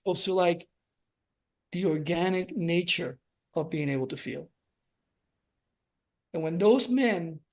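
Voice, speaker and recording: A man's voice: high-pitched, a little mellow. A man speaking as a relationship coach on a podcast, earnest and reflective, stretching out key words for emphasis. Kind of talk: reflective conversational podcast talk.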